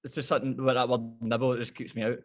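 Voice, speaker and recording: A man's voice: medium pitch, level tone, very fast. Blunt Scottish man bantering. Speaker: podcast co-host, strength coach. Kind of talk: casual podcast chat. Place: gym.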